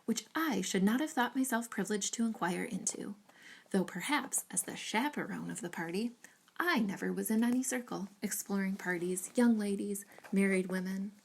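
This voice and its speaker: A pompous, self-important society wife, voiced by a woman reading a storybook. She speaks emphatically, with haughty affront. Her voice carries a gravelly edge. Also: mid-range voice, normal speed, slight background noise, natural voice.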